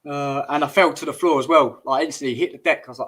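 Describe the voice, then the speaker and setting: A man's voice: on the high side, brisk, fairly bright tone. A man hosting a casual livestream, chatting and joking with viewers and calling them mate. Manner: chatty and jokey, says mate, laughs at chat comments. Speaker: YouTube livestream host. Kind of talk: casual live-stream chat.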